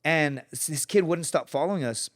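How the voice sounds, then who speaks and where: A man's voice: a little high, moderate pace. Profane, storytelling man in his thirties. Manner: profane, lively anecdote-telling, acts out quoted people. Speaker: podcast guest. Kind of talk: casual storytelling.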